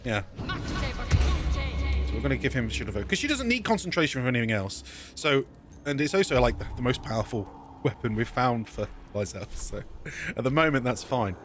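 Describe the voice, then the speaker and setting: A man's voice: medium pitch, very animated, normal speed, music in the background. A man casually commentating his gameplay as a let's play streamer, thinking aloud and correcting himself as he goes.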